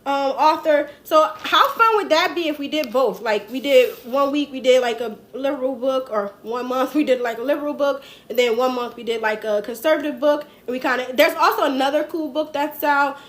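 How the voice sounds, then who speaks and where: A woman's voice: sits high, fairly quick, few pauses, fairly bright tone. A woman hosting a political livestream in casual chat, rambling and talking in dialect to her viewers. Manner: chatty, rambling, speaks in dialect.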